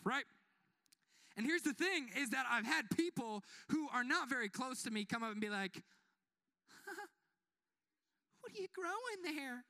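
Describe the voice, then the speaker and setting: A man's voice: high voice, sharp tone. A young man giving a conversational, joking sermon as a pastor, often asking the congregation to respond. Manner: conversational, joking, asks the crowd for amens.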